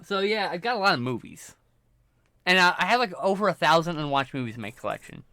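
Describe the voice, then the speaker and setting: A man's voice: high-pitched, sing-song, fast, pushed and bright, dry recording, studio quality. A man streaming live, ranting casually and profanely about movies while working through his film collection. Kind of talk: casual livestream rant.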